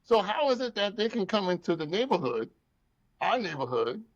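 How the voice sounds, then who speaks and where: A man's voice: sits high, moderate pace, no room sound, lo-fi sound. A man hosting a casual podcast, telling stories with lots of feeling, acting out the people in them and swearing freely. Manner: animated storytelling, acts out people, swears freely. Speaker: podcast host.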